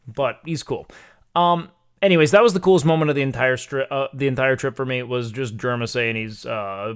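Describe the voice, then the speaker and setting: A man's voice: mid-range voice, normal speed, creaky, clear, resonant tone. A young man streamer chatting casually on his live stream, rambling and swearing freely as he tells a story.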